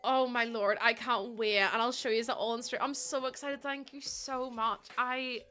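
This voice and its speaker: A young woman livestreaming in casual chat, excitable and gushing, often breaking into laughter. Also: fairly high pitch, normal speed, soft background music. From Northern Ireland.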